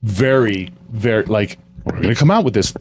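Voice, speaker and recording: A man in his forties co-hosts a casual podcast and runs the family business, speaking candidly about himself in a reflective, self-deprecating way. His voice is lowish and expressive, with a moderate pace.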